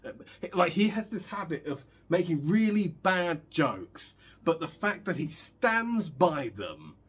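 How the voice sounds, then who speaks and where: A man's voice: a little high, big pitch swings, takes it slowly, slightly rough. A young man chatting casually as a guitar vlogger while he practices, rambling and joking with many restarts. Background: guitar playing.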